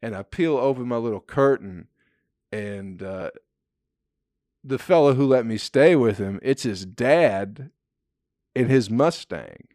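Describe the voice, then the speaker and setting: A man's voice: mid-range voice, animated, slow, long pauses, a little mellow, dry recording, clean studio sound. A young man casually telling a story, laid-back, swearing freely and laughing often.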